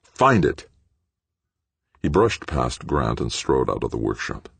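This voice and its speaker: A man's voice: extremely low pitch, animated, moderate pace, vocal fry, slightly rough, no room sound. A man reading a novel aloud as an audiobook narrator. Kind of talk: scripted narration.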